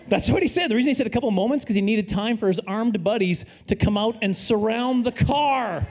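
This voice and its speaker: A middle-aged Canadian man doing a live stand-up set, dry and self-deprecating, now and then bursting into loud put-on voices. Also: extremely high pitch, fast talker, hardly any pauses. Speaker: stand-up comedian. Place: comedy stage before a live audience.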